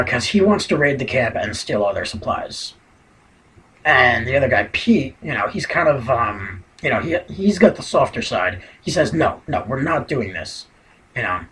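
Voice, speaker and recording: A man's voice: a little high, a bit bright, low-quality recording. A man giving a casual spoken recap of a TV episode, rambling and leaning heavily on "you know" fillers. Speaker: TV episode reviewer.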